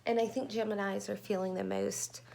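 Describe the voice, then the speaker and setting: A woman's voice: mid-range voice, level tone, moderate pace, vocal fry, darkish tone. A woman tarot reader in a rambling, chatty vlog, often stopping to correct herself. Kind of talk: casual tarot reading chat.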